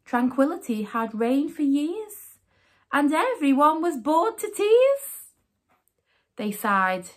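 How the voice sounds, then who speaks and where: A woman reading a rhyming children's picture book aloud as a storyteller, with an expressive, sing-song delivery. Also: sits high, takes it slowly.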